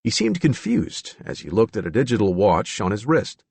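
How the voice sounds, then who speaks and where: Husky, lively male audiobook narrator. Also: fairly low pitch, no echo. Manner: measured, expressive storytelling.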